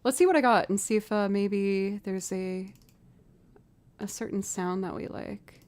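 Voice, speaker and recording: Streaming live from outside Boston, USA, a woman musician talks easily with her viewers, musing aloud as she figures out chords and beats. She speaks at an unhurried pace in a medium-pitched voice with a darkish tone.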